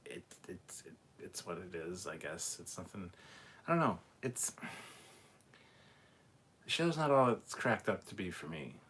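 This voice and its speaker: A man's voice: low voice, big pitch swings, unhurried, pauses often, fairly bright tone, a little hiss or hum. Blunt, swearing man ranting casually. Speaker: host reading live chat. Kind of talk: casual live-stream chat.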